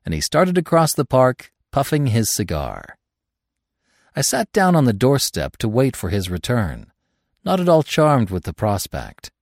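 Expressive male storybook narrator. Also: mid-range voice, measured pace, no echo, studio quality. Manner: expressive, theatrical reading. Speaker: audiobook narrator. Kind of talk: scripted first-person story narration.

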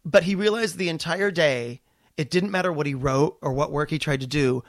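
A male comedian tells a story in casual chat, racing along and swearing freely. He jumps into the voices of the people he quotes. His voice sits a little high and sounds close and dry, with no room echo. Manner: fast, animated, profane, acts out quotes.

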